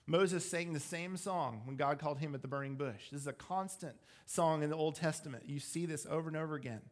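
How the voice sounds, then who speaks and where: A man preaching a sermon with a slightly high voice, talking his listeners through the story in a relaxed, explanatory way. He drops in self-deprecating asides and stays conversational rather than formal. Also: fairly quick, hardly any pauses. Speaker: pastor.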